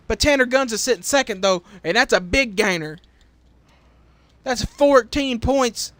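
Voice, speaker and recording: A young man calling a sim race, voice worn from shouting, getting louder and quicker as the pack bunches up. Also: very high-pitched, lively intonation, dry recording. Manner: shouts and speeds up at crashes. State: voice giving out. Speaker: race commentator. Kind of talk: excited play-by-play commentary for a sim racing league.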